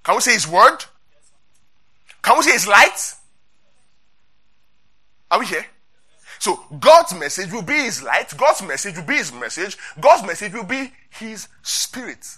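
A man's voice: high-pitched, sing-song, measured pace, pauses often, sharp tone, slightly rough. A man preaching an interactive Bible sermon, asking his congregation questions and repeating key points.

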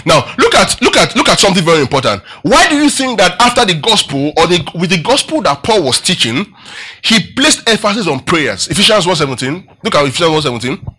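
A male preacher teaching from scripture in a high, bright voice. He keeps quizzing the congregation and repeats key phrases to drive them home. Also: very animated, fairly quick, slightly rough. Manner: asks the congregation questions, repeats phrases for emphasis. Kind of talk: Bible-teaching sermon.

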